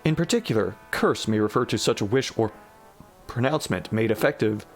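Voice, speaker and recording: A man's voice: lowish voice, animated, brisk, faint music behind. Dry-voiced man reading a story. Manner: dry, wry commentary. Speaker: reader of a generated story. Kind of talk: deadpan comic reading with asides.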